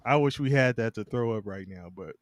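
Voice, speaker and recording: A man co-hosting a casual sports podcast, talking in halting bursts with many restarts and frequent laughter. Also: medium pitch, no room sound. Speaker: podcast co-host.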